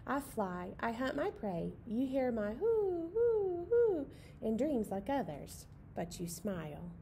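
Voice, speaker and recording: Gentle night owl narrator, read aloud by a woman, soft, tender, melodic. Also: a little high, huge pitch swings, vocal fry, slight background noise, heavily acted. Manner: soft, tender, unhurried reading. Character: gentle night owl telling its own story. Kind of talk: picture-book read-aloud.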